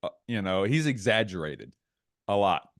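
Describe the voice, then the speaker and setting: A man's voice: fairly low pitch, sing-song, normal speed, no room sound, clean studio sound. A man co-hosting a casual podcast, talking animatedly and getting worked up, with asides and quoted bits. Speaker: podcast co-host. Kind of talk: casual chat.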